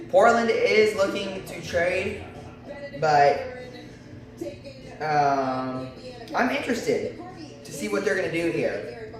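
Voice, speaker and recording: Man talking draft picks, far off in an echoey room. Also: on the high side. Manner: hesitant, many fillers and restarts. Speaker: host of a sports stream. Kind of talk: casual live draft commentary.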